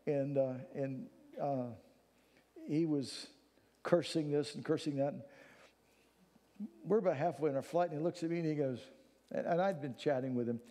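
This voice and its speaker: A man preaching a sermon. He swings from hushed, solemn passages to fervent near-shouting. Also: a little high, in a large hall.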